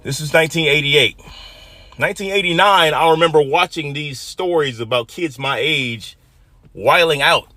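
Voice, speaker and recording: A man in his fifties from Detroit tells a personal story in an emotional, dramatic way, dropping to a hush and then rising loud. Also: a little high, moderate pace, dry recording. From Detroit, USA. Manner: emotional, dramatic retelling that swings from hushed to loud.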